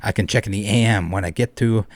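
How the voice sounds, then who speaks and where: A man's voice: lowish voice, quick pace, no room sound, voice pushed down, natural voice. Man putting on a sleazy French-cowboy scammer. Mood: smug.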